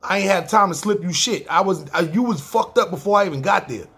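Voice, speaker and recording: A slightly rough, high-pitched voice with a fairly bright tone belongs to a New York podcast storyteller who talks a little fast. In his New York accent he spins a long, rambling story casually, cursing freely and acting out dialogue.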